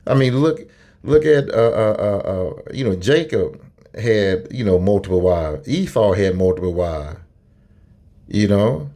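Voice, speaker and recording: Rambling, blunt man with a dark voice. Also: on the low side, lively intonation, unhurried. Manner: rambling, blunt, profane, many fillers and restarts. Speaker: video commentator. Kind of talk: opinionated commentary.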